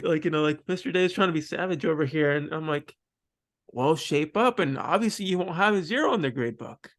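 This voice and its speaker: A man hosting a podcast, talking casually and haltingly, often restarting his sentences. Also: fairly high pitch, lively intonation, fairly bright tone. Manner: halting, loose storytelling with many repeated starts. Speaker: podcast host. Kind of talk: casual conversational interview.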